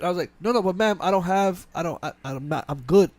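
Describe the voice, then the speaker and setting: Male podcast host, quick storyteller, slightly high voice, dry close mic, lots of restarts. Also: no room sound. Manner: fast, animated storytelling with frequent restarts and quoted dialogue. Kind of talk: casual podcast chat, storytelling.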